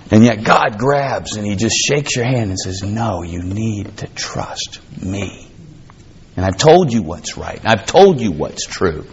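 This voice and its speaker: Folksy preaching man, lo-fi sound. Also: mid-range voice. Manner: folksy, conversational preaching that builds to fervent emphasis. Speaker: pastor. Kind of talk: sermon.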